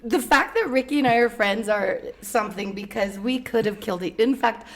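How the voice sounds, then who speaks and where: A woman's voice: on the high side, brisk, a little hiss or hum. A woman co-hosting a podcast, telling a story in casual chat with lots of laughter and cursing. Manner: laughing, animated retelling with profanity. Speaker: podcast co-host.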